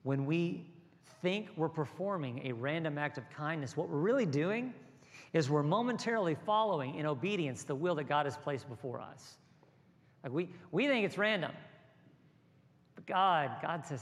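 Male pastor, fairly high voice, sermon with hushed lows and rhythmic rises, big hall echo. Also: animated, moderate pace. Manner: builds from soft, low asides to raised, rhythmic exhortation. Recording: long hall reverb with soft music behind.

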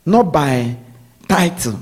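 A man delivers a sermon in a husky, slightly raised voice. He repeats key phrases and keeps checking that his listeners are with him. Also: a little high, expressive, slow. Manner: repetitive preaching, checks in with listeners. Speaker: preacher.

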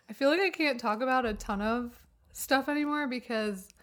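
A young woman co-hosts a podcast in casual chat, saying "like" a lot and laughing easily. Her voice sits high and a bit bright, at a moderate pace.

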